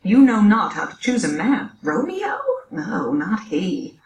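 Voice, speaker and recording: A woman's voice: mid-range voice, big pitch swings, measured pace, creaky, a little mellow. A woman reads the part of a scatterbrained old nurse who grumbles about her aches and teases as she goes, her voice jumping up and down. It is a classroom play reading, caught from far off in a roomy room with faint noise. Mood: teasing. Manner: groaning, teasing, scatterbrained. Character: fussy old nurse, rambling and complaining.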